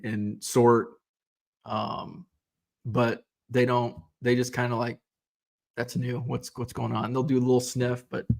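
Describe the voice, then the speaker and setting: A man in his thirties hosting a casual livestream, reading viewer comments aloud and chatting in a relaxed, rambling way, with lots of fillers and restarts, a little tired. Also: mid-range voice. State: yawning, tired. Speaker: card-collecting livestream host.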